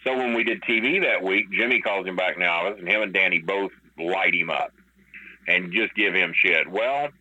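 A man's voice: low voice, normal speed, bright, forceful tone, breathy edge, lo-fi sound. A man telling a long story as a podcast guest, rambling and profane, with many fillers. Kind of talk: casual storytelling.

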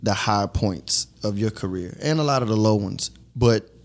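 Mężczyzna prowadzący wywiad, z nieco niskim, chropawym głosem, zadaje pytania swobodnym tonem. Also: male voice, lowish voice, moderate pace. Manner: prompting, short affirmations. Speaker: interviewer, host. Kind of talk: conversational interview.

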